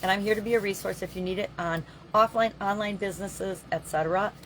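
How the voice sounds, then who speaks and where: A woman's voice: mid-range voice, steady tone, fast talker, a bit bright, a little hiss or hum. A middle-aged woman hosting her daily vlog, talking in a candid, opinionated, chatty way. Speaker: vlog host and coach. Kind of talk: daily solo vlog monologue.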